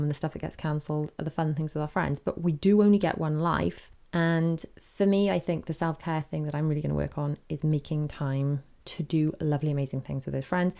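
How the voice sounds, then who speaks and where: A woman in her thirties talks through a casual solo podcast with a low voice. She is candid and chatty and keeps drifting into tangents. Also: fairly even intonation, brisk, creaky, few pauses, mellow. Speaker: podcast host.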